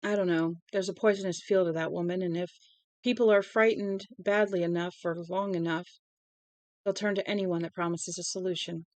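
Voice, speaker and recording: A woman reading the quiet, even lines of a frank, worried woman. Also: lowish voice, moderate pace, no echo, natural voice. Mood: quiet, earnest.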